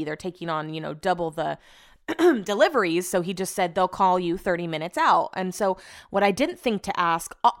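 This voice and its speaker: A woman's voice: medium pitch, fairly bright tone. A woman telling a rambling story in a casual, profane rant, jumping between asides. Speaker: vlogger.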